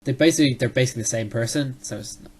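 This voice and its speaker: A man of ordinary pitch chats casually, answering hesitantly with short replies. He often trails off before finishing a thought. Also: racing, a little mellow. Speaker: co-host of a wrestling awards chat. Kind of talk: casual chat.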